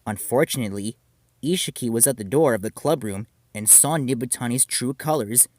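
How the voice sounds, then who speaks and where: A man narrating a story in an animated storytelling manner. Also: medium pitch, brisk, no echo, clean studio sound.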